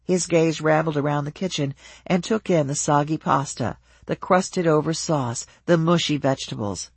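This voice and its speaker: An audiobook narrator reading a novel in an even, measured storytelling voice. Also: mid-range voice, slightly rough, no echo.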